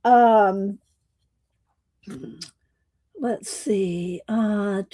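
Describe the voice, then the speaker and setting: Woman livestream host, slow chatty delivery, slightly croaky, dry close mic. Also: mid-range voice, warm tone, no echo. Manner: slow, chatty, laughs often, Southern "y'all". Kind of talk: casual livestream chat greeting viewers.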